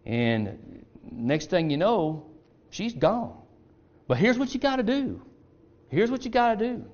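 A sly middle-aged father who coaxes and confides as he lays out a plan, fairly high for a man, as a preacher puts him on. The sound is muffled and lo-fi, like an old church tape. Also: very animated, takes it slowly, a little mellow, heavily acted. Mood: scheming. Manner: coaxing, confiding instructions. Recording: dull lo-fi recording.

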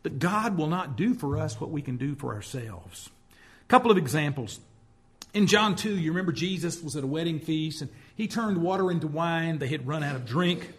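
A man's voice: fairly high pitch, lively intonation, normal speed. A man preaching as pastor, telling stories and acting out the voices of people he quotes. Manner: storytelling preacher who acts out quoted speech. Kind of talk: sermon.

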